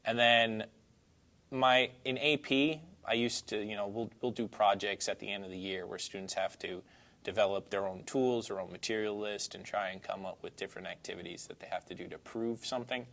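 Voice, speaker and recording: A man with a New York accent and a fairly low voice talks through his career in a loose, rambling way. He sounds relaxed and laughs easily between thoughts. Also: fairly quick. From Brooklyn, New York. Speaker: teacher interviewed as teacher of the year. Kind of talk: casual interview answers.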